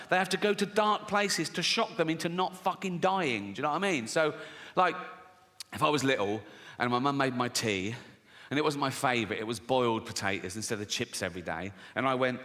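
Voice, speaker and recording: A man's voice: on the high side, a little fast, pushed and bright. A middle-aged man doing a stand-up comedy set, telling stories and acting out quoted voices, laughing at his own jokes. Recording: live hall reverb, faint background noise.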